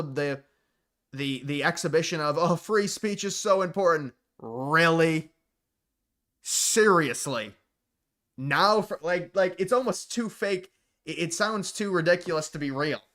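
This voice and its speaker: A man's voice: fairly high pitch, a bit bright. A man hosting a livestream, reacting to chat in blunt, profane, sarcastic rants. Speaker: livestream host. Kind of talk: casual livestream commentary.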